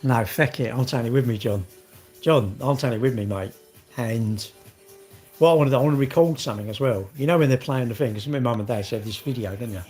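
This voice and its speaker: A man's voice: mid-range voice, quick pace, darkish tone, faint music behind. A middle-aged man, rambling in casual vlog chat, swearing and joking. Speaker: vlogger.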